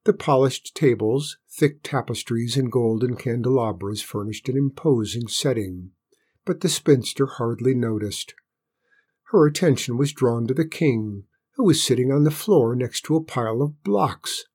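Male storybook narrator, husky, even and unhurried. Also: mid-range voice.

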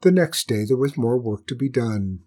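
A woman narrating a children's story with gentle, wry asides. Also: very deep voice, animated, moderate pace.

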